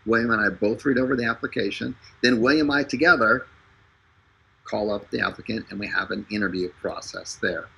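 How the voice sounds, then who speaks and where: A man hosting a live stream, making a casual, joking sales pitch full of fillers and restarts. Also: a little fast, vocal fry, pushed and bright, slightly rough, poor audio. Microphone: streaming over an internet connection.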